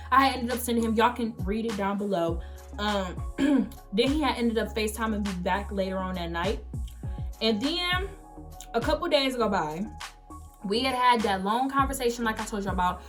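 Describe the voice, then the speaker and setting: A young woman in her late teens telling a story-time vlog, animated and emphatic, acting out the quoted messages as she goes. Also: fairly high pitch, normal speed, music in the background. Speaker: vlogger.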